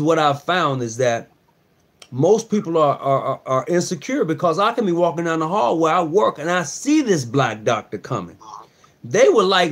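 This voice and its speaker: A man's voice: sits high, a bit bright. Mississippi guy hosting, easygoing chat, keeps saying mm-hmm. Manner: chatty, backs up the other speaker with frequent "mm-hmm". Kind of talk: casual chat.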